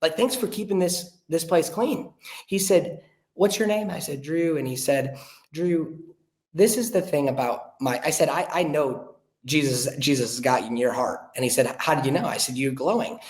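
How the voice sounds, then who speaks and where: A young man, a podcast guest, telling a story in an earnest, animated way and acting out the voices of the people he quotes. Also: fairly high pitch, normal speed. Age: young adult. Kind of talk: casual storytelling chat. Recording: roomy echo.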